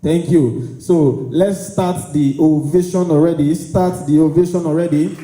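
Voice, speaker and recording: A man's voice: on the high side, steady tone, a little slow, dark tone. A man, working as MC at a conference and firing up the crowd with call-and-response and calls for applause. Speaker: event MC. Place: conference hall. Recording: echoey hall.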